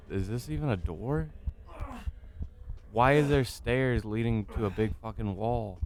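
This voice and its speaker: A man's voice: lowish voice, normal speed, vocal fry, pauses often, slight background noise. Profane, self-mocking young gamer guy. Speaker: gaming YouTuber. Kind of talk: casual let's play commentary.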